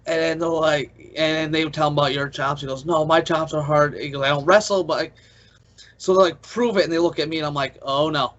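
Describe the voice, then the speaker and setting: A man's voice: a little high, steady tone, a little fast, fairly bright tone. A man hosting a podcast interview, eager and full of fillers, laughing along as he recalls stories. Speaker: podcast host. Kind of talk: casual interview chat. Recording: dull lo-fi podcast audio.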